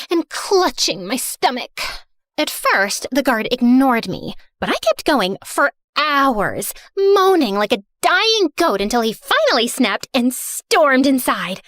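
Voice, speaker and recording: A woman's voice: high-pitched, sing-song, slow, a bit bright, no echo, studio quality, exaggerated voice. A woman voicing a dramatic spoiled heiress. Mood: sassy. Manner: theatrical, sarcastic, self-centered. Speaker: first-person narrator. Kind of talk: animated story narration in character.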